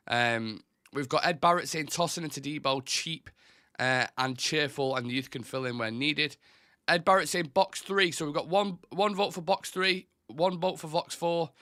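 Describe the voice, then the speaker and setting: Chatty male host, reads the chat aloud, bright tense tone. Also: on the high side, no room sound, clean studio sound. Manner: chatty, reads out chat comments, restarts and fillers. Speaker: host of a live football fan show. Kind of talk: casual live-stream chat.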